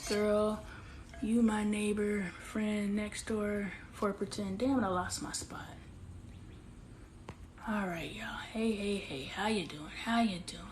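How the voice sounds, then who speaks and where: A woman's voice: mid-range voice, steady tone, slow pace, a little hiss or hum. Candid woman host on a phone live stream. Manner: emotional, confiding, talks straight to viewers; reads and answers viewer comments aloud.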